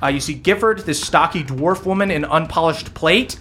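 A man's voice: on the high side, moderate pace, fairly bright tone, slight background noise. Guy running a tabletop game, chill, lots of ums, laughs easy. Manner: casual, laughing, many fillers. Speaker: game master.

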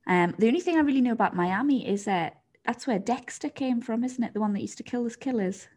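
A woman's voice: fairly high pitch, expressive, fast, darkish tone. A woman co-hosting a podcast, chatting casually and rambling with lots of fillers. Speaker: podcast co-host. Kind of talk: casual chat.

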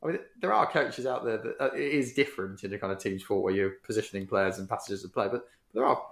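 A man's voice: on the low side, fast talker, vocal fry, fairly bright tone. A man co-hosting a casual podcast, asking thoughtful, meandering questions. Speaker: podcast co-host. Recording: echoey room.

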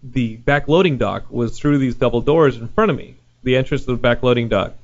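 A man hosting a podcast, telling convention stories in casual chat, acting out the people he quotes in loud voices. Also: mid-range voice, fairly quick, highs cut off. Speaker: podcast host.

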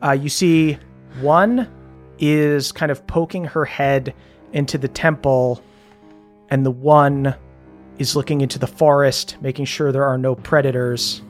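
A young adult game master narrates a tabletop adventure, laid-back and easygoing, with plenty of ums and uhs along the way. The voice sits at a middle pitch. Soft music plays faintly behind. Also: steady tone, measured pace.

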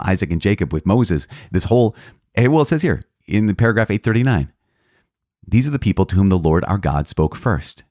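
Earnest low-voiced priest teaching. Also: male voice, a little mellow, no room sound, clean studio sound. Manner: earnest, emphatic, restarts and self-corrections. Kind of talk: catechism teaching talk.

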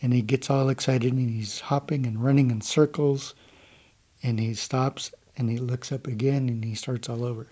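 A calm, laid-back young man from the United States, telling a traditional story to a gathering. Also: medium pitch, normal speed.

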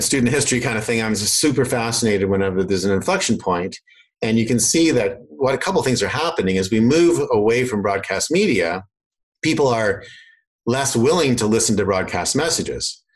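A Canadian man with a mostly faded accent casually explains marketing, getting animated and acting out the voices he quotes. His voice is lowish, and the recording quality is low.

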